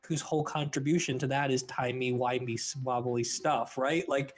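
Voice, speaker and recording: A man's voice: medium pitch, steady tone, moderate pace. Chatty male podcast host explaining. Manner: explains with many likes and rhetorical questions. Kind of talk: casual podcast chat.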